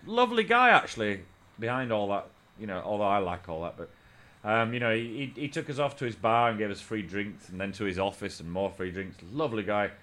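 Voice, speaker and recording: A man's voice: lowish voice, animated, brisk, bright, forceful tone. Rambling, profane male radio host. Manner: rambling, profane storytelling with restarts. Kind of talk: casual anecdote on air.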